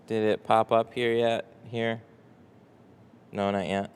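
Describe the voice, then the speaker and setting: A man's voice: on the low side, level tone, slow, a little hiss or hum. A man running a casual live stream from his tint shop, reading chat aloud, tired and rambling with casual swearing. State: tired, no coffee.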